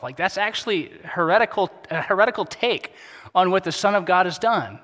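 A pastor preaching a sermon in a casual, conversational way, dropping to a soft, quiet voice for emphasis. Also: male voice, a little high, fairly quick. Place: church sanctuary. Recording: long hall reverb.

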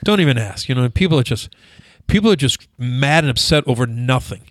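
A man on a casual podcast, telling stories in an animated way and acting out gym banter with swearing. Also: medium pitch, a little fast, no room sound, studio quality. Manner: animated storyteller, acts out gym banter with profanity. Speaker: guest.

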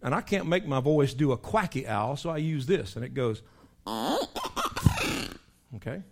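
A man, a pastor preaching in a folksy, animated storytelling way, breaking into animal call imitations. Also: medium pitch, moderate pace.

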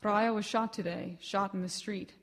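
A woman's voice: mid-range voice, steady tone, moderate pace, long reverb tail, natural voice. Lady reading as a young woman falling apart, pleading, crying out. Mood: mournful. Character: distraught young woman in a breakdown.

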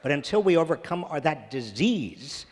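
A man's voice: a little high, very animated, moderate pace. Earnest man in a reverberant church hall. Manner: earnest, emphatic, repeats phrases for stress. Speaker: guest speaker answering audience questions. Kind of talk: public talk Q&A.

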